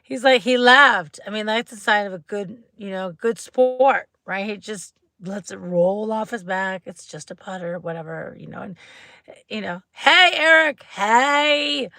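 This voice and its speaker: A woman's voice: moderate pace, sharp tone. A woman hosting a casual livestream from inside her parked car, talking close to a phone, chatty and bubbly. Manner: chatty and bubbly, acts out quotes in squeaky voices. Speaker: livestream host. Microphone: phone held close.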